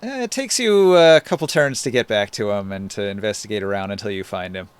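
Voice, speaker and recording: Casting: male game master, smooth resonant voice, patient and explanatory. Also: fairly low pitch, expressive, a little fast. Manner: explains rules and layout patiently. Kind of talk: narrating a tabletop game.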